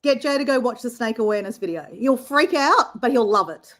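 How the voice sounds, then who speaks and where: An Australian woman hosting a casual live chat, talking in a chatty, animated way full of fillers while she paints. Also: a little high, a little fast. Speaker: live stream host.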